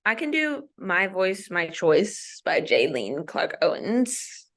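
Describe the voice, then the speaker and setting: A woman recites spoken-word poetry with measured, emphatic phrasing, leaning on each line for effect. Her voice sits at an ordinary middle pitch for a woman. She performs as an invited guest. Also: sing-song, a bit bright. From Maryland. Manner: deliberate, emphatic performance delivery.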